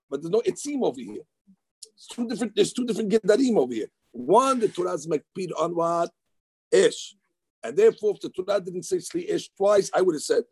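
A man teaching Talmud in a lively study session, mixing Hebrew terms into his English. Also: sits high, gravelly, breathy edge, no room sound. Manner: animated, excitable, mixes Hebrew terms into English.

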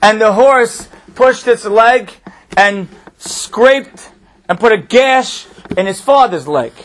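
A man's voice: sits high, animated, slow, fairly bright tone. A man who works at a school, giving an inspirational religious talk and repeating key phrases for emphasis.

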